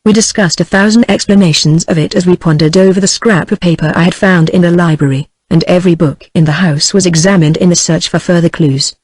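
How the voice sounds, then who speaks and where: A text-to-speech woman's voice with a British English accent, reading a novel aloud in an even, steady narration. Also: lowish voice, a little fast, hardly any pauses, no room sound.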